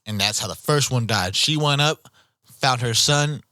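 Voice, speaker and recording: A man's voice: medium pitch, pushed and bright, dry recording. A man co-hosting a casual podcast, adding laid-back comments to an anime recap. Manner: slow, laid-back interjections. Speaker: podcast co-host. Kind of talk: casual chat.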